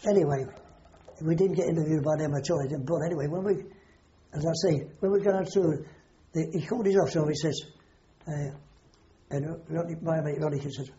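A man's voice: a little high, dark tone. An older man, recalling wartime memories in a rambling, salty way, swearing often. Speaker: war veteran interviewee. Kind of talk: oral history recollection. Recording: dull lo-fi recording.

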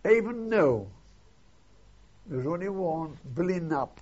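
Older man, oral history interviewee, rambling storyteller, husky and creaky, lo-fi tape sound. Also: high-pitched, animated, slow, a little mellow. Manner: rambling, keeps adding "see?" and "eh?". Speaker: interviewee recalling war memories.

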